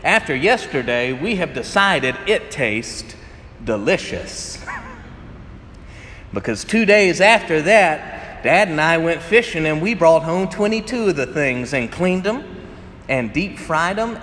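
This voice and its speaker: A man's voice: on the high side, sing-song, takes it slowly, fairly bright tone, a little hiss or hum. Man preaching in an echoey hall. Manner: conversational storytelling, often laughing. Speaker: pastor. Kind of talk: sermon. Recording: echoey hall with faint ambience.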